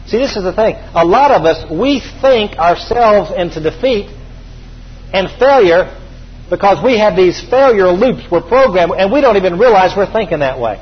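A man's voice: high voice, animated, moderate pace, breathy edge. A male preacher telling stories in a sermon, emphatic and repeating his key phrases. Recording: dull recording with faint background hiss.

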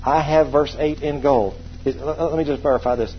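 A man's voice: on the high side, steady tone, a little fast, dull audio, soft background music. A man preaching a sermon, emphatic and repetitive, calling on the congregation to repeat phrases back to him.

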